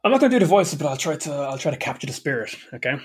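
Husky, joking Irish man. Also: fairly high pitch, sing-song, very fast. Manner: joking, profane, laughs often. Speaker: podcast co-host. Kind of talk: casual chat.

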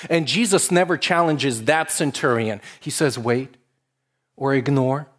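A man's voice: medium pitch, measured pace. A man preaching a sermon in a conversational way, building to emphatic stretches. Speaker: pastor.

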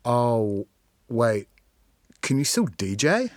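Man doing an incredulous co-host; lively, dry close sound. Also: medium pitch, takes it slowly, dry recording. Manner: incredulous, slangy. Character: incredulous, excitable male radio co-host. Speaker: podcast co-host character.

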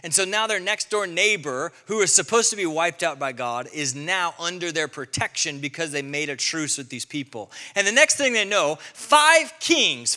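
A male pastor preaching a sermon, telling the story with lively acted-out quotes. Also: high-pitched, in a large hall. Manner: animated storytelling, acting out quotes.

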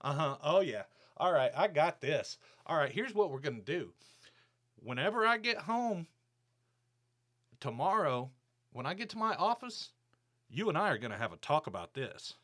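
Gruff, commanding older boss, pitched up and pushy as a man mimics him. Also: very animated, moderate pace, fairly bright tone. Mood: smug. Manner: dismissive, commanding, blustering. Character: brusque, arrogant older male boss, ex-military.

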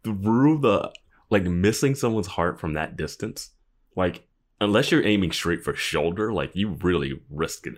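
A man's voice: low voice, animated, unhurried. A man co-hosting a casual chat, easygoing and full of fillers. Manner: easygoing, filler-heavy, laughs often. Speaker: podcast co-host.

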